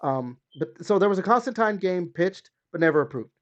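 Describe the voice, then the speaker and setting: Speaking expressively and fairly quickly, a man hosts a casual gaming podcast chat, hedging often with fillers and letting his pitch go up and down. The recording sounds slightly dull and lo-fi.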